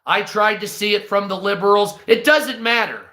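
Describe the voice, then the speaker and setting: A man's voice: high-pitched, normal speed, sharp tone, roomy sound. Foul-mouthed hostile man ranting over news. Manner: profane, hostile and sarcastic. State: stoned. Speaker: live stream news host. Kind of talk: reading news aloud with ranting commentary.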